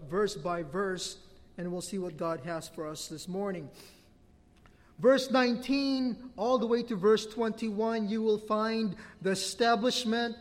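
A high-pitched man preaches from the pulpit of a church, and his voice rings through a reverberant hall. He reads scripture with building emphasis, then slips into a plain, conversational explanation. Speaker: pastor. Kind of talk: sermon with scripture reading. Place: church sanctuary.

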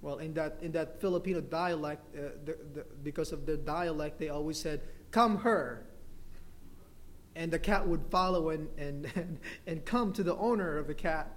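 A man's voice: on the high side, fairly even intonation, a little fast, few pauses. A male pastor preaching a sermon, mixing in light jokes and asking the congregation "amen?".

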